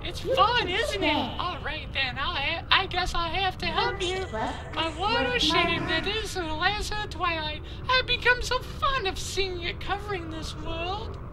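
Sly, teasing game imp girl, very high and squeaky, loud game music behind, read by a man. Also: lively intonation, unhurried. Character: impish teasing female twilight imp.

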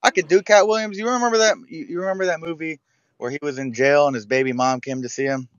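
Casual chatty man, slightly higher voice. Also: steady tone, fast, dry recording. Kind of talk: casual chat. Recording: dull muffled audio.

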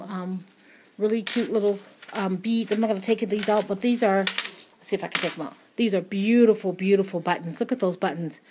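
A woman's voice: medium pitch, a little hiss or hum. A woman hosting a craft channel, chatting casually as she shows off a gift, gushing with many ums and repeated words. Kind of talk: casual unboxing chat.

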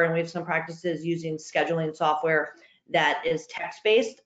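Woman on a panel call, earnest and chatty, sounds kinda echoey and muffled. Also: fairly low pitch. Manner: earnest, advice-giving, many restarts. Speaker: healthcare marketing panelist. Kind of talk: webinar panel discussion. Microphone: video call. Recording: dull roomy video call audio.

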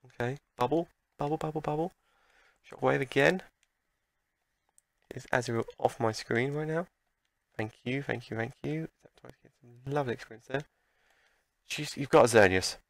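A man commentating on his own playthrough, his voice gravelly and mid-pitched. He reacts loudly to every turn and argues with the screen, recorded dry and close. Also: moderate pace, pauses often, no echo. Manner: excitable, talks back at the game. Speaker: let's play commentator. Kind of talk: gameplay commentary.

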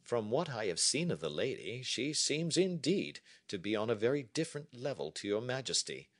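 A man's voice: mid-range voice, big pitch swings, moderate pace, voice pushed up. A man voicing a cool, reserved detective in a storybook read for learners, speaking coldly and formally. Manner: cold and formal.

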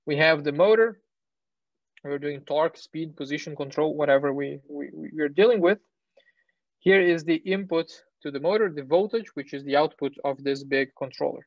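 A male university lecturer explaining technical material, pausing with fillers, correcting himself and checking in with "right?". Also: on the high side, creaky, no echo. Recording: dull, lo-fi lecture recording.

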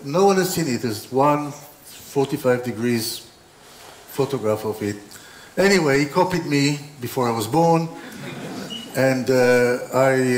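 A man's voice: mid-range voice, a little hiss or hum. A man speaks at an exhibition opening, telling stories about his work in a loose, rambling way with lots of restarts and dry humor. His voice sits in the middle range and echoes around a roomy hall. A faint murmur of ambience hangs behind him. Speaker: designer giving an opening talk. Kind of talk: informal lecture with anecdotes.

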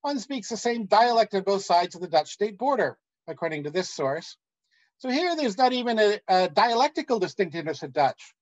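A man giving an academic conference talk, measured and pausing often with "uh.". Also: high voice, sing-song, muffled recording. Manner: measured, with frequent "uh" pauses. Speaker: academic lecturer.

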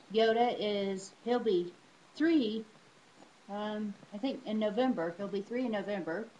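A woman's voice: mellow, a little hiss or hum, low-quality recording. Chatty woman showing off her dogs. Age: adult. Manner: chatty, pitches up high to call her dogs. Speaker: dog owner vlogger. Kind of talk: casual home video chat. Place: home with pets.

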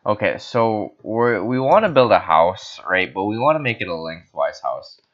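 Tipsy on wine, a Filipino man gives jokey, erratic gaming commentary that erupts into sudden screams. His fairly low, slightly bright voice is very animated but moves at a moderate pace. It's captured in a dull, lo-fi recording.

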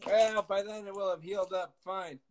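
A man's voice: high-pitched, fairly even intonation, moderate pace, poor audio. A man cooking on a live video call, chatting casually and joking about himself. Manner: joking, self-mocking, loud when leaning in. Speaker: guest cook.

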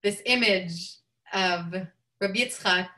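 A woman rabbi telling a teaching story in an expressive way, lifting her voice for quoted speech. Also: mid-range voice, slow pace.

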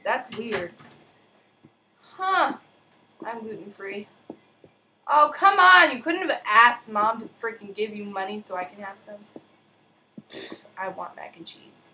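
A woman chatting excitably through casual gameplay commentary, sing-song and fond of mild cursing. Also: medium pitch, slow, pauses often, slight background noise. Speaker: gamer.

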